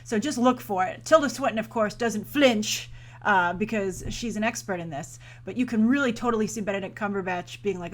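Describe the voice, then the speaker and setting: A woman talking through a movie trailer as the host of a review show. Her commentary is chatty and enthusiastic, full of quick asides and self-corrections. She often breaks into playful mock voices for the characters. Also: medium pitch.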